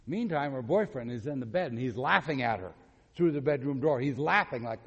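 A male preacher tells a story from the pulpit in a sermon, putting on the voices of the people in it and checking in with the congregation as he goes. His voice sits at an ordinary middle pitch. The sound carries a long reverb from a large hall. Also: moderate pace, breathy edge, highs cut off. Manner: animated, acts out quotes, asks the audience questions.

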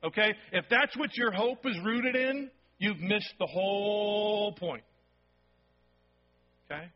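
A man's voice: high-pitched, takes it slowly. A man preaching a sermon in a conversational, emphatic way, often checking in with his listeners. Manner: conversational, emphatic, keeps asking "okay?". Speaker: pastor. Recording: dull lo-fi sound.

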